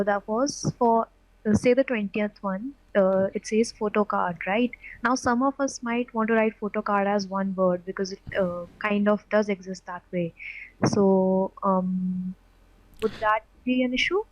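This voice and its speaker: A woman's voice: medium pitch, fairly even intonation, a little slow, no echo, highs cut off. Hesitant woman student on a call. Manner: hesitant, many fillers. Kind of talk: asking questions in an online class.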